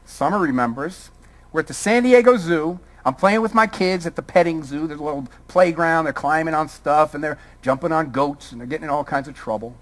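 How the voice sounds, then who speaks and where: A man's voice: on the high side, brisk, fairly bright tone. A man from Brooklyn giving a college lecture, firing a string of rhetorical questions at the audience. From Brooklyn, New York. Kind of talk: public lecture.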